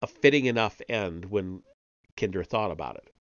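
A man reading a novel aloud on a live stream, steady with small slips and self-corrections. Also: low-pitched, normal speed, no echo, muffled recording. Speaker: audiobook reader on a live stream.

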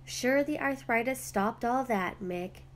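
Woman doing soft-spoken storybook mum, fairly high voice. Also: animated, takes it slowly, slight background noise. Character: gentle Irish mother, a lace maker.

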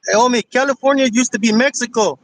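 A man's voice: very high-pitched, quick pace, a bit bright, no room sound, low-quality recording. A male caller arguing on a call-in show, taunting and profane, heavy on slang. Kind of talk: heated call-in argument.

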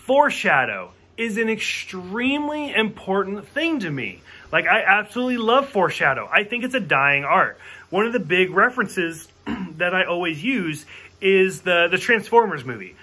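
A man with a high, bright voice giving a casual movie review. He rants frankly and swears freely, leaning on "like" as filler. He acts out quoted lines as he goes. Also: very animated, moderate pace, slightly rough.

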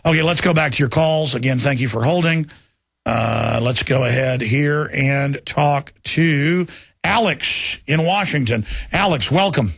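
A combative talk radio host, a man in his thirties with a Texan accent, and his voice is gravelly and husky. He talks fast, repeats himself, and sits a touch high for a man. The studio sound is dry and close. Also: fairly bright tone, no room sound. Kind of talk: talk radio monologue and call-in. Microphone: studio microphone.

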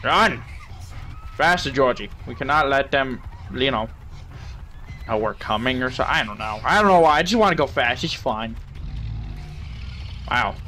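A man's voice: mid-range voice, animated, unhurried, long pauses, pushed and bright, slight background noise. A young man playing a game and commenting with crude, joking banter, talking to the characters on screen. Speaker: gaming channel host.

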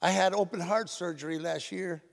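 A man's voice: high-pitched, steady tone, normal speed, vocal fry. An older man giving a tearful, storytelling award speech at a banquet, slipping into his mother's voice. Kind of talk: stand-up style speech at a banquet. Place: hotel ballroom. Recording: echoey hall, PA system.

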